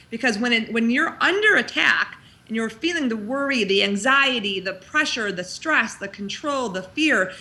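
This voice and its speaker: A woman coach being interviewed, speaking emphatically and swinging her pitch up when she voices the thoughts she describes. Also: pushed and bright. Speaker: coach, guest. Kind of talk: animated conversational interview.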